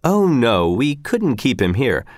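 A man voicing a shrewd, calm male detective who speaks in a measured, cheerfully persuasive way. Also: mid-range voice, no echo, studio quality.

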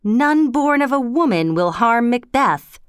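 A woman's voice: fairly high pitch, animated, a little slow, clear, resonant tone, no room sound, clean studio sound, voice pushed up. A woman reading as an eerie bloody child vision. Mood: solemn.

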